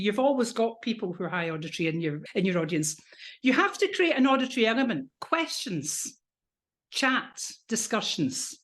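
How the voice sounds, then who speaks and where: Lively British woman teaching presentation skills. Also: fairly high pitch. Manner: animated, demonstrates voice exercises. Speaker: NLP coach and trainer.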